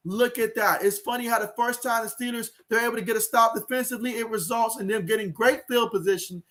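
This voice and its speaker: A man hosting a sports livestream, calling a football game play by play, talking to viewers and reading out their chat comments in an excitable way. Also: extremely high pitch, fast.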